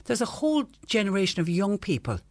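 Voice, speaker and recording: A woman's voice: mid-range voice, sing-song, fast talker, no room sound. Woman hosting a radio show. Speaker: radio host. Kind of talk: radio show chat and reading messages.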